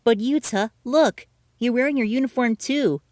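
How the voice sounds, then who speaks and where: A man doing sleepy naive teen girl, very high airy voice, dry storybook sound. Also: moderate pace, no echo. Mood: sweet.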